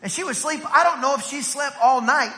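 A pastor, a man in his thirties, preaching an energetic sermon to his church, telling family stories and rising to shouts. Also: very high-pitched, brisk. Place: church sanctuary. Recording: long reverb from a church hall.

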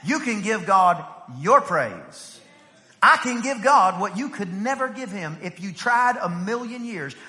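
A man preaching in a church, his voice very high and ringing bright. He tells family stories and climbs to shouts, with a long reverb from the hall trailing his words. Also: expressive, measured pace. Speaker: pastor. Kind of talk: sermon. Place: church sanctuary.

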